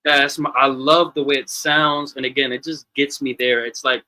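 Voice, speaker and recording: A man's voice: mid-range voice, little pitch movement, moderate pace, pushed and bright, no room sound. A man in casual chat at a listening party, gushing about a song and swearing playfully.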